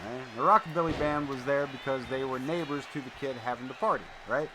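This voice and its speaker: Fast and mid-range, a man calls wrestling action live against a noisy background. Between calls he slips into casual, blunt, profanity-laced storytelling.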